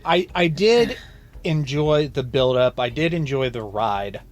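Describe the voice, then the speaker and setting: A man's voice: mid-range voice, expressive, unhurried, soft background music. A man co-hosting a casual book club podcast, hesitant and repeating words as he talks. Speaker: podcast co-host.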